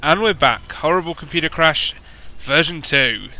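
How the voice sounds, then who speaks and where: A young man hosting and commentating a video game match in a chatty, rambling way, with dry self-mocking humour and a slightly hoarse voice. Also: on the high side, lively intonation, normal speed, background noise.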